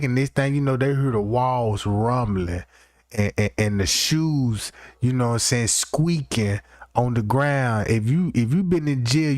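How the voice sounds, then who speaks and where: A man's voice: mid-range voice, no room sound, clean studio sound. A man hosting a livestream, rambling through a profane comic rant and constantly checking in with his listeners. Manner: rambling, keeps asking "you know what I'm talking about". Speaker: livestream host.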